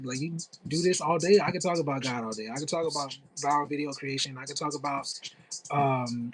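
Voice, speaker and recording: A middle-aged man chats casually on a livestream, upbeat and loose, his voice sitting a little high for a man. He peppers his talk with "like" and "you know", answers chat comments as they come in, and keeps it friendly and easygoing. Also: poor audio. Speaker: content creator and actor.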